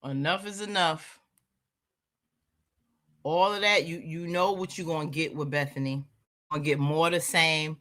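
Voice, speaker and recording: A woman's voice: low voice, steady tone, normal speed, a bit bright. A woman reacting to a skit, talking back at the screen in a sassy, emphatic way. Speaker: reaction commentator. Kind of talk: commentary on a skit.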